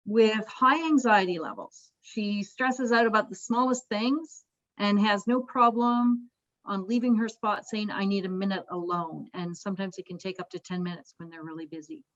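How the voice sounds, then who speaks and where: A woman's voice: fairly high pitch, normal speed, a bit bright, highs cut off. A woman moderating a webinar over a video call, politely thanking the guest and reading out audience questions.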